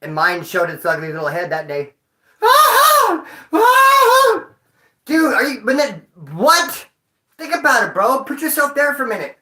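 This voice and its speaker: A man's voice: high-pitched, big pitch swings, fairly quick, sharp tone. Rambling, profane man in an echoey room. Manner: rambling, profane street slang. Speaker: vlogger. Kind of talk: casual storytelling to viewers.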